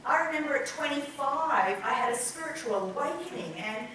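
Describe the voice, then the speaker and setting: Aussie woman teaching a workshop, kinda high voice, big echoey room, faint hum behind. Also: normal speed. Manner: lively, acts out quoted people. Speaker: business trainer. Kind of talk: live workshop talk. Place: large room with an audience. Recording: echoey room, mic far off.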